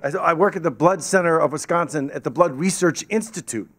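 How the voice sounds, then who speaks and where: Speaking into a podium mic in a meeting hall, a man addresses a club audience as guest speaker, a little high and a little fast. He tells his story with animation, performing the voices of those he quotes.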